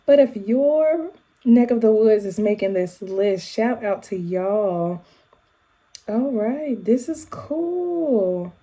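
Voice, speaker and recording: A woman with an African American English accent, chatting casually to her viewers in a vlog, animated and full of quick asides and shout-outs. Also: medium pitch. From United States. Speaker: YouTube vlogger.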